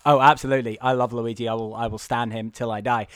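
A young man co-hosting a comedic podcast, recapping a film with rambling, swearing rants that grow loud and high. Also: little pitch movement, fast talker, clear, resonant tone, no room sound. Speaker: podcast co-host.

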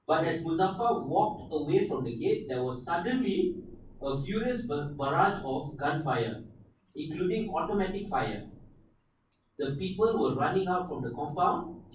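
A man with a Malaysian English accent, co-hosting a podcast and retelling a historical event in a casual, animated way. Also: on the high side, normal speed, very echoey, far from the mic, slight background noise, rough recording. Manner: animated storyteller, slips into silly voices. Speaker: podcast co-host.

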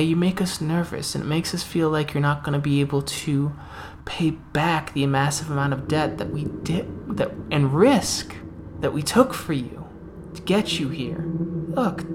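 A storyteller voicing a smooth-talking male trafficker guard who wheedles and falsely reassures a prisoner, over background music. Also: a little high, background noise, natural voice.

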